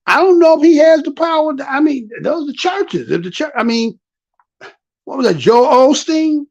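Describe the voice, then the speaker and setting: A man giving casual vlog commentary on news clips, animated, repeating himself and firing off rhetorical questions. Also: very high voice, moderate pace, highs cut off.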